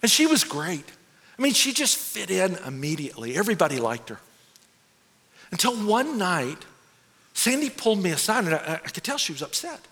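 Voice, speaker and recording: A man performing a theatrical stage monologue, expressive and animated, with nervous, self-mocking laughs. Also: high-pitched, moderate pace. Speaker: stage storyteller. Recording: long hall reverb.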